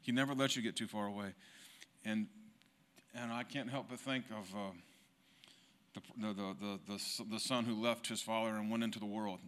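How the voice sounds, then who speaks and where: A man stands before his congregation and tells his own story of faith. His voice is bright and forceful. He speaks earnestly and with growing fervor. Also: lowish voice, fairly even intonation, normal speed, long pauses. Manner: earnest, building to fervent. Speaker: church member giving testimony. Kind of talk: personal testimony in church.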